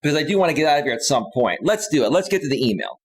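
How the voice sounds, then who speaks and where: A man hosting a live stream, laughing a lot as he reads chat and loudly thanks donors. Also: on the high side, very animated. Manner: slow, drawn-out delivery with loud outbursts.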